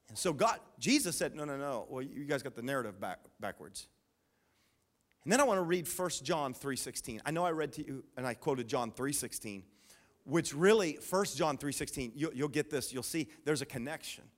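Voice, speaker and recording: A man preaching as pastor, playful and punchy, slowing down for emphatic repeated lines. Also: on the high side, animated, bright, forceful tone. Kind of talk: sermon.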